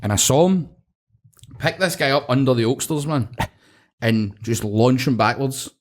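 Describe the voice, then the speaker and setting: A man's voice: mid-range voice, measured pace. A middle-aged Scottish man hosting a podcast, telling sweary, laughing stories in casual chat. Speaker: podcast host.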